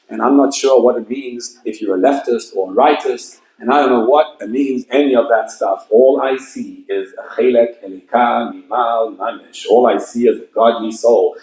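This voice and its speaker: A man's voice: mid-range voice, darkish tone, reverberant, rough recording. Passionate man preaching a sermon. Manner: passionate, emphatic storytelling. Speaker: rabbi. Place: event hall with audience.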